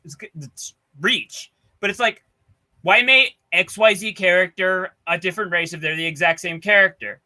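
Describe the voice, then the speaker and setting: Male panelist, laid-back and profane, bright and high. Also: normal speed. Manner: loose, profane, drawling. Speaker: podcast co-host. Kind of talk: casual group chat.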